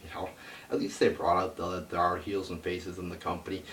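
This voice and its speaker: A man with a low voice rants through a casual review, swearing freely and sounding exasperated. He sits back from the mic in an echoey room with faint noise behind him. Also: level tone, brisk, fairly bright tone, recorded from a distance. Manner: profane, exasperated ranting. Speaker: wrestling reviewer.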